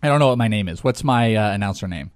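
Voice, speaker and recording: A man's voice: fairly low pitch, expressive, quick pace, no room sound, studio quality. A man co-hosting a podcast in casual, joking chat, rambling and laughing. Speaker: podcast co-host.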